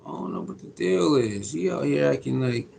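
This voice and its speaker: A man's voice: mid-range voice, animated, normal speed, vocal fry, darkish tone. A man casually chatting on a live stream, greeting viewers by name in slangy, repetitive talk.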